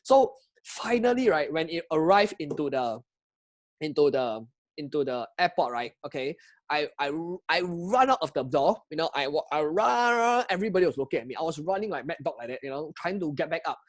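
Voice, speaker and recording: A man with a Singaporean English accent, telling a travel story to camera in an excitable, chatty way and asking his viewers questions. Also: on the high side, brisk. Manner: excitable, chatty, asks viewers questions, frequent laughs and restarts. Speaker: travel vlogger. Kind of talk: animated personal storytelling to camera.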